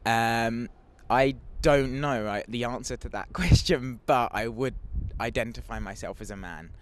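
A man's voice: medium pitch, a little slow. Wry, musing young man. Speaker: student interviewee. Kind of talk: street vox pop answer.

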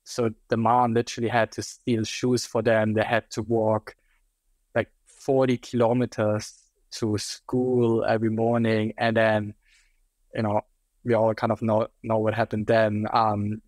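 A man's voice: fairly low pitch, completely flat delivery, measured pace, a little mellow, no echo. A young man with a German accent, a guest expert answering interview questions in a loose, hedging way with many fillers.

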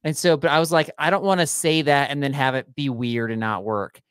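A man's voice: medium pitch, fairly even intonation, brisk, fairly bright tone, clean tone, no room sound, studio quality. A man co-hosting a podcast, chatting casually and teasing his co-host with wry reactions.

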